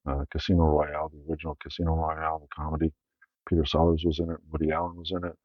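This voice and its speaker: A man's voice: very deep voice, completely flat delivery, racing, no echo, muffled recording. A Canadian man hosting his own channel, casually rambling through his film collection with many fillers and self-corrections.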